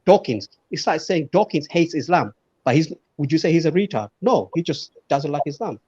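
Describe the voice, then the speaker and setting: A man's voice: fairly high pitch, lively intonation, warm tone, slightly rough, no echo. A man talks in a loose, stop-start way, often circling back over his own words. His audio is dry and muffled, like a call line. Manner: halting, repeats words, chatty. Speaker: panelist. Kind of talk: casual online debate.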